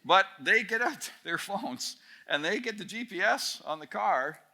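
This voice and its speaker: A Canadian man in his late fifties tells a wry, self-mocking story as a camp speaker. His voice is bright and slightly sharp, pitched a bit high for a man. He hesitates with frequent uhs. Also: expressive, a little slow. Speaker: guest speaker at student camp. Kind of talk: storytelling talk.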